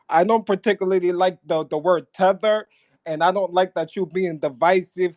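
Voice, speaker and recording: A man's voice: high voice, darkish tone, dry recording. A man calling in to a talk show, objecting and complaining about what the host says. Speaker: caller.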